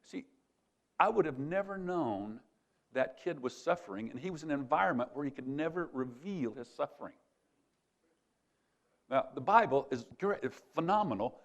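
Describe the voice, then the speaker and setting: An older man speaking at a retreat, telling a personal story in a conversational sermon style and quoting others in lively voices. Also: fairly high pitch, moderate pace, pauses often. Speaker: conference speaker.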